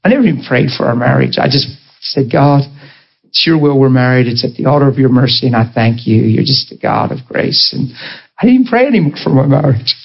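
A man preaching a sermon, telling a personal story with passion and a voice that swings high and low. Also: animated, brisk, gravelly, husky, muffled recording.

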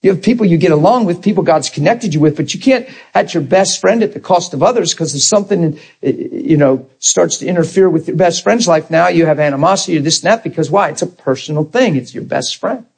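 Husky, lively man preaching a sermon. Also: fairly high pitch, a little fast, few pauses, low-quality recording. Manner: conversational, animated, acts out quoted people.

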